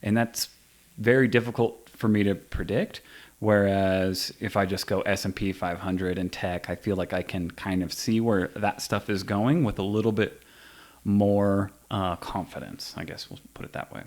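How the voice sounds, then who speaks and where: A man in his forties hosting a podcast, talking in a relaxed way and trailing off softly at the ends of thoughts. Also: on the low side, moderate pace. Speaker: podcast host. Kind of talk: casual conversation.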